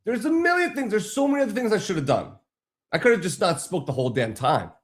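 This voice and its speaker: A man's voice: high voice, animated, fast talker. A man casually telling a long, frustrated story on a live stream, rambling and swearing freely.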